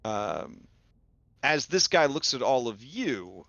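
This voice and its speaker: A man narrating as game master, describing scenes in a halting way with many pauses and fillers. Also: mid-range voice, big pitch swings, gravelly, fairly bright tone, dry recording. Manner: halting, many ums and uhs. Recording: dull lo-fi audio with faint music.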